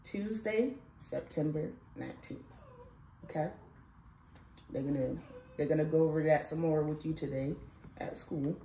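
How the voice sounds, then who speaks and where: A mother and vlog host, speaking in a low-pitched voice, a little slow and with frequent pauses, teases her son playfully in a sing-song way. It's a casual morning chat at home, phone-recorded in an echoey room with faint noise.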